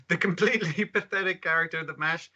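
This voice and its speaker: A man's voice: on the high side, normal speed, pushed and bright. A man co-hosting a casual anime podcast, talking animatedly, swearing and acting out characters' lines. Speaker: podcast co-host. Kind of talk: casual chat about anime. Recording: muffled, lo-fi audio.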